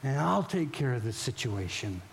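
Man doing god talking calm and gentle, low and soft, soothing someone who's scared, repeats himself kindly. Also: normal speed, creaky, a little hiss or hum. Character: calm, reassuring male God comforting a frightened believer.

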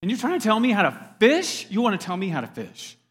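A man playing a tired, stubborn fisherman with a gruff, sarcastic edge and a slightly raised pitch. The voice stays close to a speaker's natural tone, with the rough bluntness of a working man who knows his trade. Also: normal speed, fairly bright tone, long reverb tail, lightly acted.

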